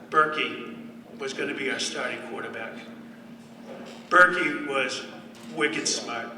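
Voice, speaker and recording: A man's voice: fairly high pitch, noisy background. A man giving a speech to an audience, telling a story with dry humor. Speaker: former football player giving a speech. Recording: echoey hall from far off.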